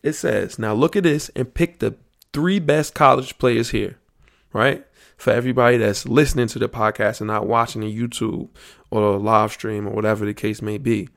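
A man's voice: on the low side, steady tone, moderate pace, gravelly. A man hosting a solo podcast, riffing loosely and profanely on sports slang while thinking aloud. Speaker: podcast host. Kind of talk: casual solo podcast talk.

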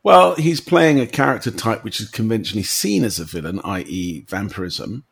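A man's voice: on the low side, lively intonation, normal speed, vocal fry, slightly rough. A man who is a guest on a podcast, explaining things in a matter-of-fact casual chat. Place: Montreal.

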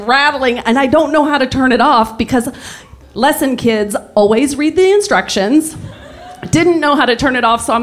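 A woman telling a comic personal story, often laughing through her words and restarting her sentences. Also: on the high side. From Texas.

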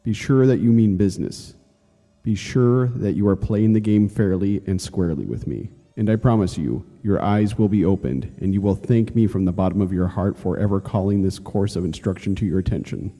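Male instructor, low pitch, exhorting, reverberant hall recording. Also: moderate pace, mellow. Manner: earnest, exhorting, addresses listener as friend. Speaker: course instructor. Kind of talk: read-aloud inspirational lesson.

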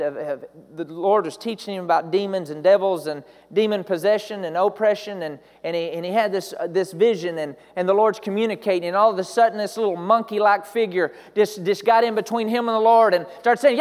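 A man's voice: sits high, big-room sound. A man preaching a sermon, building to emphatic repeated declarations.

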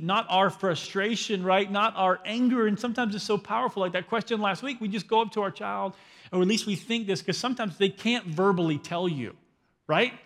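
A man's voice: high-pitched, a bit bright. A young adult male pastor giving a conversational sermon on parenting, often checking in with "right?". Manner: conversational, asks the room "right?". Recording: long hall reverb.

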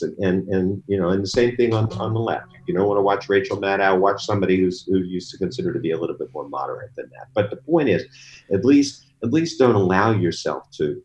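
A man who is a guest on a talk show, explaining things in an animated way with many fillers. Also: deep voice, dull audio. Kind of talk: casual talk show conversation.

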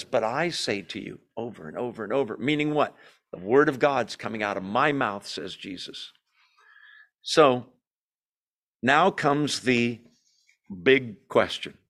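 Guy teaching bible study at church, emphatic, lots of rhetorical questions, mid pitch. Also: fairly bright tone.

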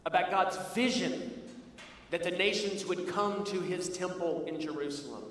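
A man with a fairly high voice preaches a sermon, moving from a personal story to earnest teaching and slowing down to stress key lines. He is recorded from a distance in a large hall, with a long, ringing reverb. Faint room ambience sits underneath. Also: a bit bright, slight background noise. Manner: storytelling, earnest, slows for emphasis. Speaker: pastor. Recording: echoey hall from far off.

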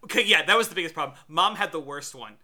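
A man's voice: on the high side, lively intonation, quick pace, bright, forceful tone. A man in casual chat reviewing a movie, rambling with stammered restarts.

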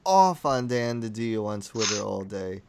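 A man's voice: fairly low pitch, big pitch swings, a little slow. A man co-hosting a podcast in casual chat, reacting with joking asides. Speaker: podcast co-host.

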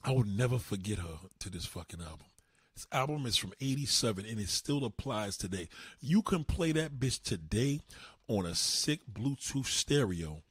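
A man hosting a livestream, ranting in a profane, animated way. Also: fairly low pitch, normal speed, husky, dry recording, studio quality. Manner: profane, animated, swinging delivery. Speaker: livestream host. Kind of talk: ranting comedic commentary.

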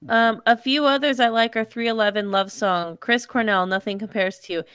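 A woman's voice: fairly high pitch, steady tone, brisk, fairly bright tone, clear, resonant tone, no room sound. A woman with a mid-range voice reads out listener emails on a podcast and breaks in with wry asides. The recording is dry and close. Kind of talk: casual chat.

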